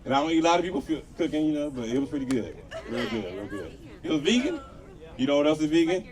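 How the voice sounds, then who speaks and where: A slightly high-voiced comic in his thirties, from Los Angeles, talks quickly with big pitch swings during a live set at an outdoor patio show. His stand-up is loose and profane, with plenty of crowd work. The recording is distant live audio, and the crowd laughs.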